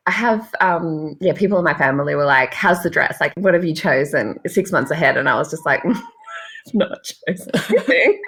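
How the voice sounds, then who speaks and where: A bubbly young Australian woman chats as a podcast guest. Her low-set voice swings widely in pitch and carries a gravelly edge. She laughs often and acts out the people in her stories. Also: expressive, moderate pace, a bit bright. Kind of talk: casual chat.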